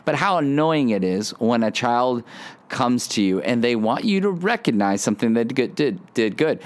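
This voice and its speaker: A middle-aged man preaching a sermon, animated, acting out childlike boasting in a raised voice. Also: mid-range voice, brisk, clear, resonant tone. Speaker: pastor.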